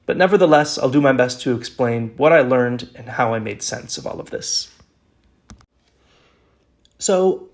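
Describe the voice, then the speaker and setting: A man narrating a history podcast from a script. His pitch sits in the middle for a man, and his delivery is earnest and explanatory. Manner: earnest, explanatory, reads quotes aloud. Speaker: podcast host.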